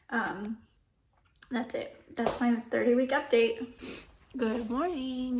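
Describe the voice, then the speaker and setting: A young pregnant woman vlogs casually from the rooms of her home, speaking in a fairly high, gravelly, slightly mellow voice. She uses lots of fillers and sounds a little out of breath, with slight background noise.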